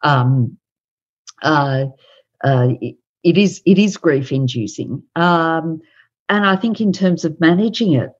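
A woman and author talking casually on a podcast, thoughtful and hesitant with many pauses and fillers. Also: deep voice, highs cut off. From Australia. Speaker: author and guest.

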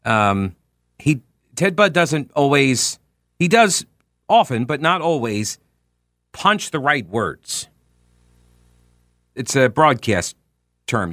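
A man hosting a political talk radio show, talking in an animated, sardonic and emphatic way into a studio microphone. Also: medium pitch, dry recording. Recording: dry studio sound.

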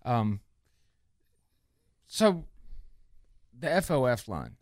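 A man's voice: medium pitch, extremely slow, no room sound. Male morning radio host, rambling banter, dry studio sound. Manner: rambling, animated, laughs often.

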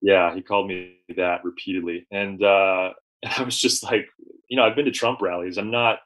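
Low-voiced man telling a story. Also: moderate pace, low-quality recording. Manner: relaxed, recounts events with fillers and restarts. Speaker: journalist, guest. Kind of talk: conversational storytelling.

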